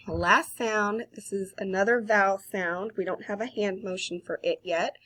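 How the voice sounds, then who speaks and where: Woman, Southern US accent, kindergarten teacher, very slow, sounds out each letter. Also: medium pitch, fairly bright tone, breathy edge. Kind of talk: recorded phonics lesson.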